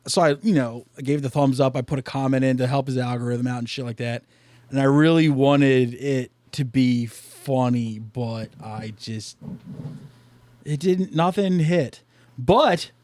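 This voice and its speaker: A man's voice: medium pitch, unhurried, a little mellow, no room sound. Casual profane man podcast host. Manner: loose and profane, many fillers. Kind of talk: casual chat.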